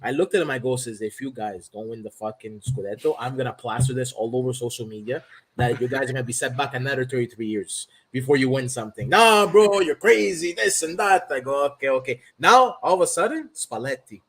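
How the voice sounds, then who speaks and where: A man's voice: mid-range voice, quick pace, husky. A man from Canada who co-hosts a podcast, chatting casually and telling profane stories, acting out the other people's lines. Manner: profane animated storyteller, acts out dialogue. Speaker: podcast co-host. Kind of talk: casual chat.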